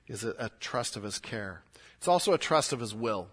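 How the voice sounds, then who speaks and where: A man's voice: mid-range voice, animated, fairly quick, fairly bright tone, breathy edge. A pastor preaching a sermon to his congregation. He is earnest and emphatic, and he repeats words as he builds his points.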